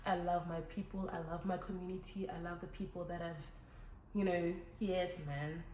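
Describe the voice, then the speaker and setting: A chatty young woman, talking to her viewers in a lively, casual way. Her voice carries the echo of a bare room, with a faint hum of ambience behind her. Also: fairly low pitch, normal speed. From Botswana. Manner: chatty, animated, switches languages. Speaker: vlogger. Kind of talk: casual Q&A chat to camera.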